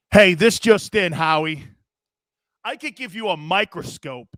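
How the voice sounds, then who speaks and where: A man hosting a sports talk show, giving animated, sarcastic, ranting opinions. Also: sits high, dry recording, studio quality.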